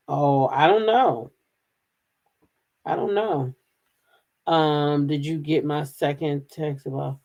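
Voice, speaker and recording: A woman's voice: low-pitched, darkish tone. A woman hosting a casual commentary show, sassy and emphatic, often repeating herself. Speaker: host.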